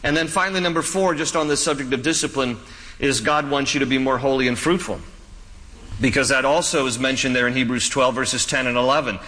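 Man, pastor, sermon, bright tense tone, long hall reverb. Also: medium pitch, fairly quick. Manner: folksy, joking asides with frequent restarts.

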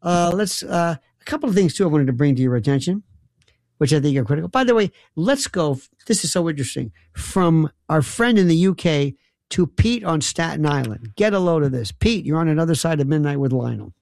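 A man hosts a late-night call-in radio show. He rambles in a wry, sarcastic way, his voice gravelly with fry. The studio sound is close and dry. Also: fairly high pitch, animated, brisk, darkish tone, dry recording. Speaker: radio talk show host.

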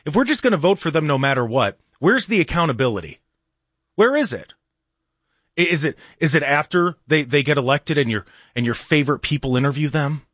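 A man's voice: a little high, lively intonation, fairly quick, fairly bright tone, no echo, clean studio sound. A male talk show host delivering a combative, sarcastic opinion monologue full of rhetorical questions.

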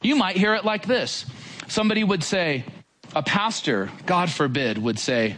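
A man preaching a casual sermon to a congregation, in a conversational, animated way with many rhetorical questions. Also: high-pitched, moderate pace.

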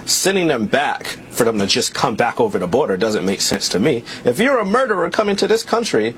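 A man argues his point insistently in a TV news interview. His pitch rises and falls freely, and faint ambient noise sits under the voice. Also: sing-song, brisk, fairly bright tone. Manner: argumentative, insistent. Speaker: political candidate guest.

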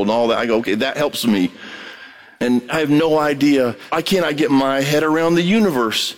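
A man preaching a radio sermon, impassioned, swinging between high urgent pleading and low emphatic asides. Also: a little fast, faint music behind.

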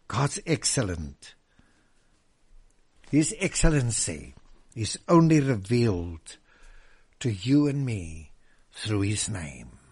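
A man preaching a sermon, swinging from loud proclamation to hushed whispers and drawing out scripture verses emphatically. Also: medium pitch, big pitch swings, breathy edge. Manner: drawn-out emphatic reading of scripture.

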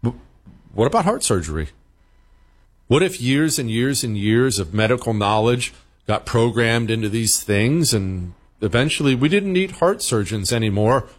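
Animated male talk host, storytelling. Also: mid-range voice, normal speed. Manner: animated storytelling, mimics beeping sounds. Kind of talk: radio talk monologue.

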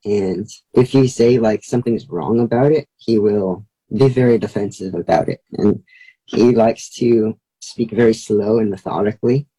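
Husky-voiced teenage boy, casual talk. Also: fairly low pitch, dark tone, rough recording. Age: teens. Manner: quick, casual, many likes. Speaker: guest. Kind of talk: interview.

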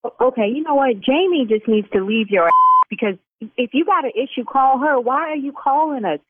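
A woman's voice: high voice, fairly quick, slightly rough, no echo. A woman running a salon, talking in on a phone call. She turns sassy and scolding and snaps back hard. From Chicago South Side. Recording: dry tinny phone line.

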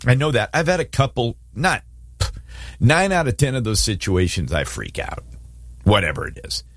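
Animated man hosting a faith talk show. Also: medium pitch, moderate pace, no room sound, studio quality. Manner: animated, storytelling, dramatizes scripture scenes. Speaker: host.

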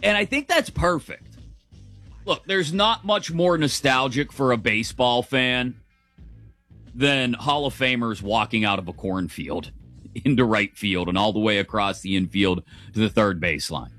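A man's voice: mid-range voice, expressive, measured pace, bright, forceful tone, faint music behind. A middle-aged man hosting a morning sports talk show, chatty and opinionated, laughing as he goes, on a close studio mic. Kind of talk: casual sports radio commentary.

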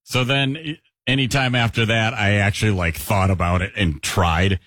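A man's voice: on the low side, steady tone, moderate pace, a bit bright, dry recording, clean studio sound. A man co-hosting a radio show, telling self-deprecating stories with laughter. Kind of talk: casual radio banter.

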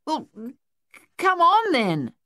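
Eager stammering young soldier lad, high excitable voice, dry close sound, as a woman puts him on. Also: normal speed, no echo. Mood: excited.

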